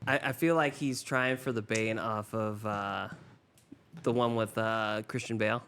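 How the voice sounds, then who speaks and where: A man's voice: on the low side, fairly even intonation, measured pace, a bit bright, slight background noise. A man in easygoing casual chat reviewing whiskey, chuckling and giving tips on impressions.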